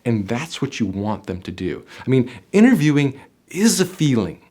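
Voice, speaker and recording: A man's voice: medium pitch, very animated, normal speed, a little mellow. A middle-aged man coaching job seekers straight to camera, emphatic and motivational, speaking directly to the viewer.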